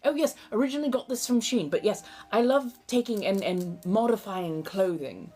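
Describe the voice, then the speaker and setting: Warm in tone and mid-range in pitch, this woman in her forties hosts a livestream at normal speed with lively intonation. A talkative chatterbox, she uses a put-on old-fashioned American accent, speaks in a theatrical, flowery way, and calls everyone darling.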